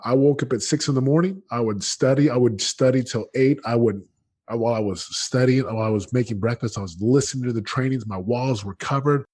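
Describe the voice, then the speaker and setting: A man in his late thirties, a guest in an interview, telling his story in an energetic, emphatic way with lots of slang and restarts. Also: medium pitch, fairly quick, husky. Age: late 30s.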